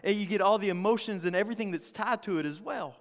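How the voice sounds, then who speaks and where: A man's voice: high voice, quick pace. Preaching man in a reverberant hall. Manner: conversational, repeats words, asks the congregation questions. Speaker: pastor. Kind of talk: sermon.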